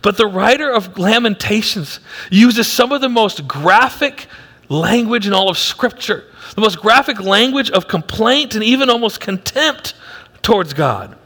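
A male pastor preaching a sermon with emphatic delivery that swings from loud to hushed, in a church auditorium. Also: sits high, lively intonation, unhurried. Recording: long hall reverb.

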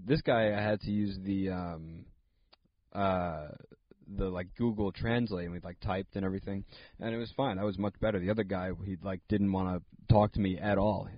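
Young man, comedian podcast host, rambling storytelling, lowish voice, dull lo-fi dry sound. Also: no echo. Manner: rambling, many fillers and asides.

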